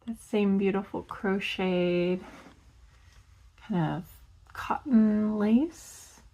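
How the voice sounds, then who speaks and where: Young woman, unboxing vlog, very slow and drawn out, giggly, soft excited whispers. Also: mid-range voice. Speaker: vlogger.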